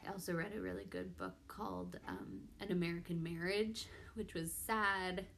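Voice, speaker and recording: A woman's voice: fairly low pitch, sing-song, normal speed, a bit bright, a little hiss or hum. A young woman vlogger chatting casually to camera, rambling with many ums and restarts. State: pregnant.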